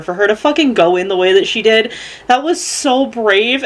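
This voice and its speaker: A woman's voice: mid-range voice, fairly quick. Teary, rambling young woman vlogger. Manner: rambling, gushing, profane, many fillers. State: close to tears, laughing through crying. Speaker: book vlogger. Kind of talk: casual emotional book review vlog.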